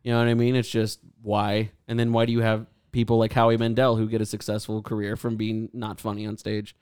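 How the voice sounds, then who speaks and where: A man's voice: on the low side, monotone, fairly quick, darkish tone, smooth, dry recording, clean studio sound. A man co-hosting a casual podcast, rambling through stories loosely, swearing and laughing along. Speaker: podcast co-host. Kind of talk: casual chat.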